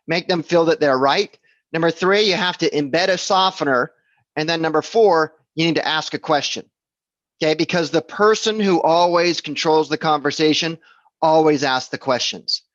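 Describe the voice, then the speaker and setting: A man's voice: a little high, a bit bright, no echo, highs cut off. A man teaching real estate sales in a casual instructional talk, conversational and repetitive, checking in with his listeners as he goes. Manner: conversational, repeats himself, checks in with "okay?" and "right?".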